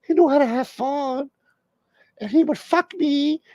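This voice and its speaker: Brief: high, shrill, whiny nagging wife, comic impression, dry sound. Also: male voice, a little slow, a little mellow, no echo, rough recording. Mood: nagging, scolding. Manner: whiny, scolding. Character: nagging, exasperated wife of a grumpy movie star. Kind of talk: comedic impression in a rant.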